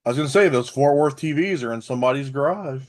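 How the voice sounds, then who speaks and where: A man with a softened South Arkansas accent co-hosts a relaxed podcast conversation. He talks at a middling pitch and explains things with care, and his sentences break off and restart now and then. The tone stays easygoing and chatty. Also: quick pace. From Arkansas, USA. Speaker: podcast co-host. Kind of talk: casual chat.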